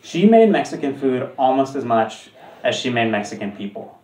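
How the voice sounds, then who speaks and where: A man performs stand-up comedy on a club stage, his voice sitting at an ordinary pitch. He jumps higher and louder on his punchlines. The sound is roomy and heard from some way off the mic. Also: sing-song, normal speed. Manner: jumps high and loud on punchlines. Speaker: stand-up comic. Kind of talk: stand-up routine. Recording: roomy and distant. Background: audience laughter.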